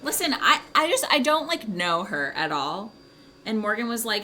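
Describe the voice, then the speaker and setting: Giggly, animated woman streamer. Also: on the high side, normal speed, a little hiss or hum. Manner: giggly, animated, casually swearing. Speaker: livestream host. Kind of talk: casual livestream chat with viewers. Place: home.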